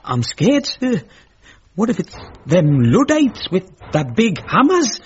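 A whiny, scared servant lad. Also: male voice, sits high, very animated, moderate pace, a bit bright, husky, exaggerated voice. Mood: pleading. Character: timid young male servant, nervous and coaxing. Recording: muffled lo-fi recording with faint noise.

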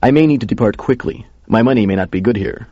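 A man's voice: lowish voice, fast talker, dark tone, no echo. A man voicing an odd little stranger who speaks in a stiff, formal way. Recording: dull lo-fi recording.

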